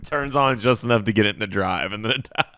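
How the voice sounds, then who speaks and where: A man's voice: lowish voice, fast, bright, forceful tone, clean tone, dry recording. A man co-hosting a podcast, teasing his friend and laughing through the story. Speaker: podcast co-host. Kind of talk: casual storytelling chat.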